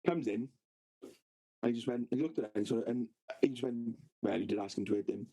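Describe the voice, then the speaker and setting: Young Valleys-accented co-host, husky mid-pitched voice, rambling storyteller who stumbles and swears. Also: male voice, a little fast, warm tone, low-quality recording. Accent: South Wales Valleys. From Wales. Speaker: podcast co-host. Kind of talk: casual storytelling chat.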